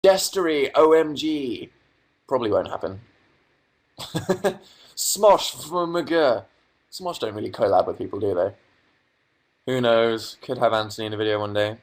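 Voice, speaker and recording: A young English livestream host with a lowish voice talks at an ordinary pace, stopping frequently. He's in his bedroom, reading out viewers' comments and responding with dry, sarcastic quips.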